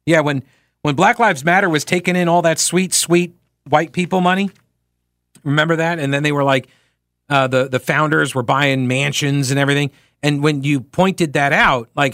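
A man's voice: a little high, normal speed, no room sound. Sarcastic male talk radio host, dry studio. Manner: sarcastic, mocking, animated. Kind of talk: casual talk radio, reading listener mail.

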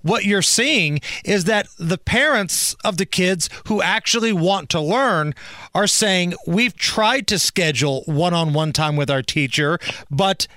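A male talk radio co-host with a high voice for a man and a bright, sharp tone. He pushes back with wry, disbelieving questions. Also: a little slow.

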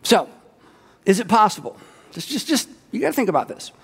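A man's voice: high voice, sing-song, brisk, vocal fry, husky. A middle-aged man, a pastor, preaching a sermon in a chatty storytelling way with jokey asides. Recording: long hall reverb.

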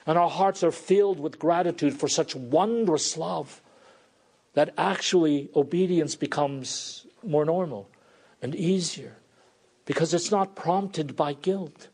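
A middle-aged pastor preaching a sermon in an earnest, pleading way. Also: male voice, fairly high pitch, darkish tone. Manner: earnest, pleading, voices prayers and God's replies.

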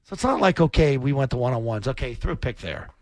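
A man co-hosting sports radio talk as a former quarterback, blunt and animated, swearing casually. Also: mid-range voice, fast talker, no echo.

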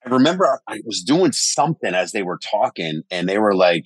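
A man's voice: low voice, moderate pace, hardly any pauses, breathy edge, no room sound. A man telling stories animatedly in a casual podcast conversation, cursing freely. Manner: animated storyteller, swears casually. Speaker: podcast guest.

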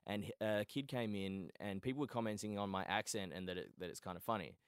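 Australian male podcast host, low clean voice, dry close sound, jokey storyteller. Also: fast talker, clear, resonant tone, no echo. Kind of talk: casual podcast chat.

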